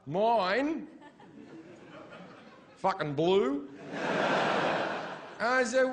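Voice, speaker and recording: A middle-aged man telling a crude war story as a stand-up comedian, breaking into shouted punchlines. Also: sits high, animated, takes it slowly, long pauses, noisy background. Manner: crude, shouty punchlines with sudden yelled quotes. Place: comedy stage before a laughing audience.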